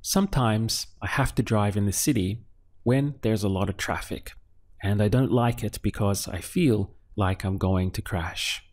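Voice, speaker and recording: Slow, patient, low-voiced man teaching. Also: darkish tone. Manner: patient, asks questions then pauses for answers; spells out syllables slowly. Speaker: Spanish teacher. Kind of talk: slow step-by-step language lesson.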